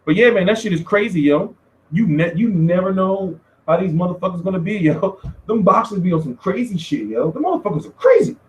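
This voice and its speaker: A man's voice: high-pitched, fairly quick. A man hosting a boxing vlog, telling stories in a casual, profane, slangy way with frequent laughter. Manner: animated, laughing, slangy storytelling. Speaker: boxing media vlogger. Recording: roomy echo.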